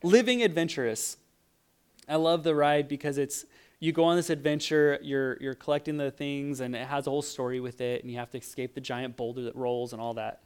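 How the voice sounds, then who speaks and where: A man giving a casual sermon, telling lively stories and acting out the voices of people in them, with frequent restarts. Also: mid-range voice, a little fast, smooth. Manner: animated storytelling, acts out voices, frequent restarts. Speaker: preacher.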